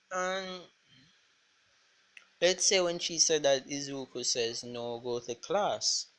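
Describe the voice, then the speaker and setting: Slow, rambling fan-story teller. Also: mid-range voice, a bit bright. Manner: rambling and halting, with many "like" fillers and restarts. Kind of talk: improvised fan-fiction retelling.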